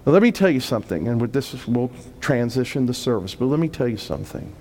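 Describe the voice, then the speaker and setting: A man preaching a sermon as pastor, swelling from quiet, emphatic points into loud, urgent appeals. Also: mid-range voice, animated, slight background noise. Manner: preaching with sudden swells of volume and emphatic slowdowns.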